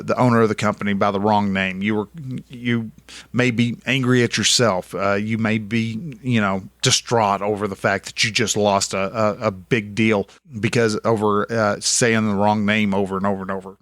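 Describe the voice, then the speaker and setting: Casting: Texan man, young, low-pitched, folksy rambling monologue, dry close mic. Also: a bit bright, no room sound. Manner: rambling, folksy, self-correcting with many restarts. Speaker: podcast host. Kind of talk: casual solo podcast monologue.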